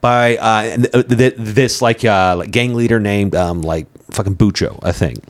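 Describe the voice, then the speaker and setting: A man's voice: on the low side, moderate pace. A man in a casual podcast chat about movies, rambling through stories with lots of fillers, frequent swearing and laughter. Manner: laughs often while retelling scenes.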